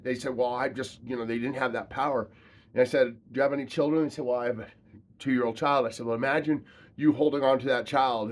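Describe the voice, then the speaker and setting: A man giving a motivational talk as a trainer, emphatic and repetitive, with casual slang. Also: medium pitch.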